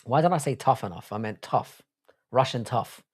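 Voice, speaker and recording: A man's voice: medium pitch, animated, normal speed, breathy edge. A man hosting a casual livestream chat, rambling and swearing, often restarting his sentences. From Ireland. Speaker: podcast host.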